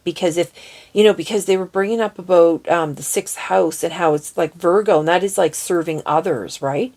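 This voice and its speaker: A woman with a somewhat low voice gives a casual oracle card reading. She is chatty and giddy and laughs easily. She reads the card texts aloud and slows down over unfamiliar words. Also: darkish tone.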